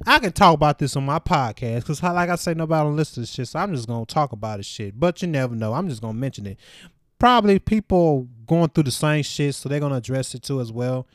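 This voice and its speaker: A man talks alone on his own podcast, rambling from one thought to the next with plenty of swearing and laughter. His voice sits at an ordinary middle pitch. It is recorded close up in a dry, deadened room. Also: no room sound. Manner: rambling, profane, laughs often. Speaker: podcast host. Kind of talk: casual solo podcast monologue.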